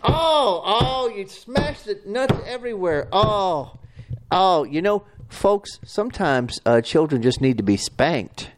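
A man's voice: high voice, lively intonation, slow, background noise. A man playing a folksy, stammering talk show host in an improv comedy sketch.

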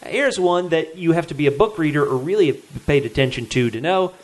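A man hosting a casual chat, animated and jokey, often quoting characters in put-on voices. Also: a little high, fairly quick. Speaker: podcast host.

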